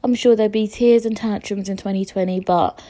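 A woman's voice: mid-range voice, fairly even intonation, brisk, mellow. A young woman talks through her solo podcast in a loose, chatty way. She rambles with lots of fillers, swears freely, and mocks herself with a cheeky, emotional edge. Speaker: podcast host. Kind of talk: casual solo podcast chat.

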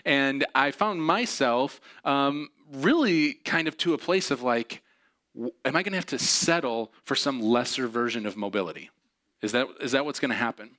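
A man's voice: mid-range voice, moderate pace, bright, forceful tone. A man telling a personal story in a chatty, self-deprecating way, with many fillers.

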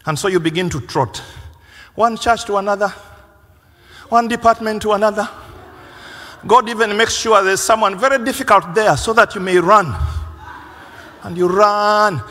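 A man preaching a sermon as pastor, animated, acting out the voices of people he quotes. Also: sits high, normal speed, long pauses. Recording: long reverb of a large hall.

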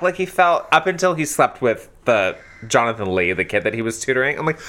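A man co-hosting a casual book discussion, animated and often jumping into mimicry of characters. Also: brisk, hardly any pauses. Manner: animated, mimics characters with big pitch jumps. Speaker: podcast co-host.

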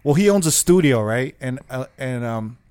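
A man in casual conversation among friends, telling a long story in a relaxed, profane way, full of fillers. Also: medium pitch, moderate pace, clear, resonant tone. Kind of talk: casual chat.

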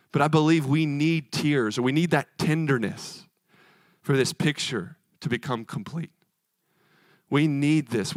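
A man's voice: mid-range voice, no room sound. Earnest male preacher, dry close sound. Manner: earnest, emphatic, rhythmic repetition. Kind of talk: sermon.

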